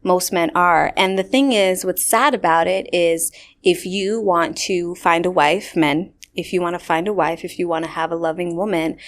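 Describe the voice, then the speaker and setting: A woman's voice: lowish voice, normal speed. A woman in her late twenties hosting a podcast, telling stories in casual chat with lots of fillers and acted-out quotes. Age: 20s. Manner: animated storyteller, heavy "like" filler, acts out quotes. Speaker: podcast host.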